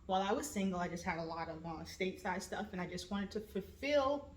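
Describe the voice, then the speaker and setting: A woman in her late thirties hosting a casual personal monologue, with lively storytelling that slips into voices when she quotes her family. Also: mid-range voice, a little fast, slight background noise. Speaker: vlog host. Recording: roomy echo.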